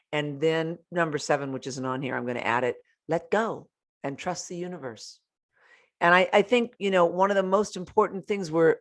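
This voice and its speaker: A woman giving motivational self-help advice in a frank, direct way. She talks straight to her listeners and drops casual profanity without hesitation. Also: sits low. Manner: blunt, candid, profane, addresses listeners directly. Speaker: podcast host, self-help speaker.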